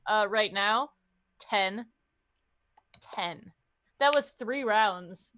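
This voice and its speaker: A woman's voice: medium pitch, drawn-out words, fairly bright tone, a little hiss or hum. A woman playing in a tabletop game, giggly and laughing often as she speaks. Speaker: player. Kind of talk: casual tabletop play.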